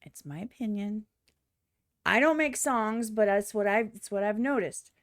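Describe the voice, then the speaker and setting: A woman's voice: mid-range voice, measured pace, dry recording, studio quality. A woman streamer giving blunt, profane reaction commentary on a music video, often mimicking other people in exaggerated voices.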